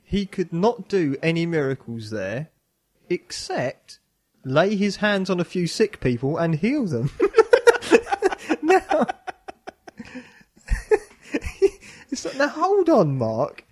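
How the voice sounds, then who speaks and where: A man's voice: on the high side, wildly swooping pitch, takes it slowly, long pauses, a little mellow. A man hosting a casual podcast, reading a Bible passage with lots of self-mocking laughter. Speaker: podcast host.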